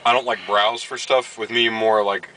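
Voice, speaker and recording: A man's voice: fairly low pitch, steady tone, moderate pace, sharp tone, a little hiss or hum, poor audio. A man from Baltimore vlogging casually, telling a story and acting out what others said. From Baltimore, USA. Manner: storytelling, acts out quoted dialogue. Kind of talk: casual chat.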